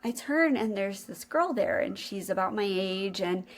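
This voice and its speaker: A woman's voice: mid-range voice, animated, unhurried. A young adult woman hosting a podcast, telling a personal faith story in an earnest, emotional way. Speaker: podcast co-host.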